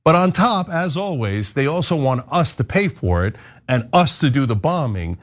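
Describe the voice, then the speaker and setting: Heated, lively American male commentator. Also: medium pitch, moderate pace. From United States. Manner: heated, blunt, profane. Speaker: host. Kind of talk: political commentary rant.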